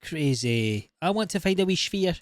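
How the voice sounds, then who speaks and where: A man hosting a reaction video, talking in an animated, incredulous way and swearing freely. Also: a little high, normal speed, faint music behind. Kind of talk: casual reaction commentary.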